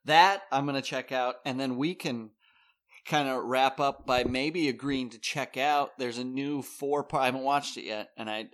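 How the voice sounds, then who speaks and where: A man co-hosting a podcast in casual chat, reacting with quick jokes. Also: medium pitch. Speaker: podcast co-host.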